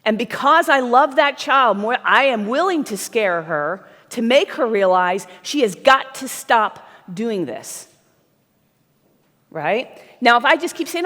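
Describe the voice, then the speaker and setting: A woman's voice: fairly high pitch, sing-song, unhurried, fairly bright tone. A middle-aged woman giving a blunt, emphatic sales seminar to a live audience, often checking in with "right?". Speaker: sales trainer speaking at a conference. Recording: long reverb of a large hall.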